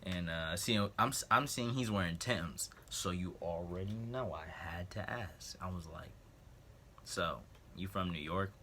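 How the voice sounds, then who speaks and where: A man's voice: low voice, a little slow, pushed and bright, slight background noise. A young man in a casual storytime vlog, animatedly telling a story and acting out what others said. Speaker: vlogger.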